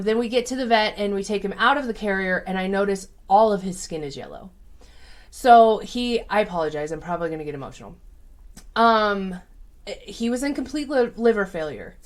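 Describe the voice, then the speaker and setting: Woman, casual storytelling, chatty, lots of fillers, average pitch. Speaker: psychic and tarot reader.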